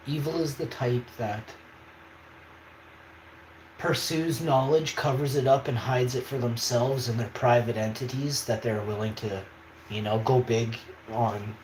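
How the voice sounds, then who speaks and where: A man hosting a livestream, talking in an emphatic, rambling way and often checking in with his viewers. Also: medium pitch. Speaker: livestream host. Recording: echoey room, faint background noise.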